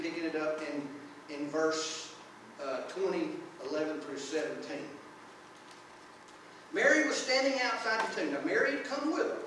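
High-voiced pastor preaching slowly in echoey church. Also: male voice, fairly bright tone, far from the mic, slight background noise. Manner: earnest, slow preaching with prayerful asides and scripture reading. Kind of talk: sermon. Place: church sanctuary.

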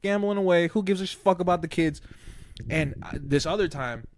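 This podcast co-host, who once worked casino security, speaks in a high-pitched voice at a fairly quick clip with no room sound. He tells stories in casual chat, swearing a lot and quoting dialogue.

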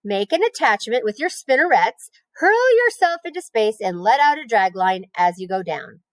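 A woman voicing a wise, patient female spider in a read-aloud story, calm and measured as she explains. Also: fairly high pitch, no echo. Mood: coaching. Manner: calm, measured, gently teaching.

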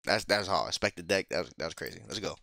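A man's voice: fast talker, vocal fry. A man hosting a music reaction video, talking casually with slang and frequent laughs. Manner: animated, slangy, laughs often; sometimes lowers his voice to a whisper.

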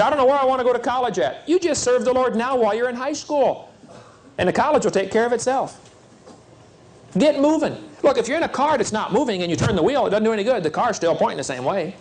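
A man's voice: sits high, a little mellow. A man preaching to young people at a seminar, folksy and urgent, acting out little scenes as he talks. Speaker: evangelist speaker.

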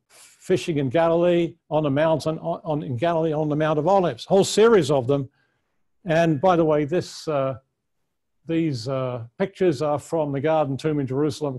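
Man, somewhat high voice, earnest teaching, frequent restarts, conference lecture. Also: dark tone. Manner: earnest, thinks aloud with frequent restarts and fillers. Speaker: Bible teacher. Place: conference room.

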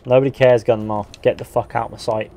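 Sweary English streamer with a mixed accent. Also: male voice, mid-range voice, flat delivery, brisk, mellow. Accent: English, Northern and West Country mix with a Midlands sound. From England. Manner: blunt, sweary banter, reading viewer comments aloud. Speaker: game streamer. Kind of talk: casual live-stream chat while gaming.

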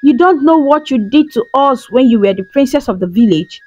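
A woman's voice: sits high, animated, brisk, highs cut off, pitched above the performer's own voice. Woman voicing jeering village bully boys. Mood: mocking. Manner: jeering, yelling. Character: mocking village boys, cruel bullies.

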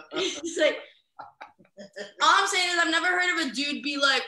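Young woman stand-up from the Midwest, brash and profane; bright, slightly high voice in a roomy space. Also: sing-song, measured pace, pauses often, slight background noise. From American Midwest. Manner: brash, profane, laughs through her jokes. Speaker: stand-up comic. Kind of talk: stand-up set over a video call. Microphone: video call. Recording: roomy echo.

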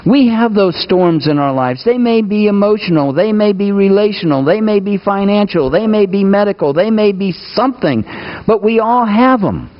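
A man preaching a sermon, asking his listeners questions and moving between raised, urgent lines and hushed asides. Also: high voice, animated, moderate pace, dull audio. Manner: asks the congregation questions, swings between raised and hushed delivery. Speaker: pastor.

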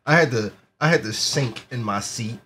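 Low-key man in a casual review chat. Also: normal speed, bright, forceful tone, a little hiss or hum. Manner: short agreeing interjections, low-key. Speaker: movie reviewer co-host.

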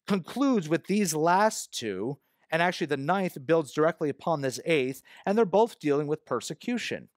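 Man, pastor, sermon, conversational but emphatic, fairly high voice, dry sound. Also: dry recording. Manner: explanatory, conversational preaching with emphatic stresses. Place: church.

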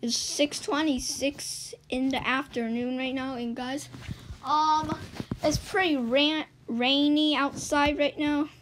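A woman giving let's-play game commentary as a YouTuber, swinging between loud excited yelps and low muttered asides. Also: slow pace, a little hiss or hum, rough recording. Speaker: gaming YouTuber.

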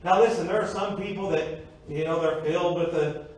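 A man's voice: on the high side, steady tone, a little fast, a little mellow. A man preaching a sermon to a congregation, asking rhetorical questions and slipping in joking asides. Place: church sanctuary. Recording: echoey church from far off.

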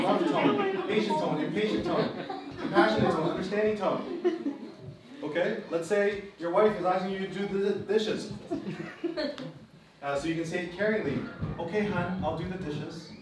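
A man from the Philippines, preaching to a live group as pastor and host. He is emphatic and keeps repeating his key phrases. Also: high-pitched. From Philippines (Kapampangan). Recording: echoey room, distant mic, background noise.

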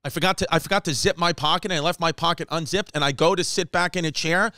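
A man tells a long comic story on his podcast, swearing and ranting with animated energy. His voice sits a little high and comes through smooth and clear. The close mic sounds dry, with no room around it. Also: fast, no echo. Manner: animated, profane, slips into mock voices and Spanish phrases. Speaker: podcast host. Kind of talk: comedic storytelling.

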